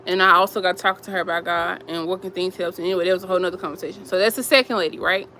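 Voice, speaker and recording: A woman's voice: fairly low pitch, steady tone, very fast, sharp tone, a little hiss or hum, poor audio. A woman vlogger, telling viewers about strangers asking her for help, emotional and rambling, repeating herself. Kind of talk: casual storytelling to viewers.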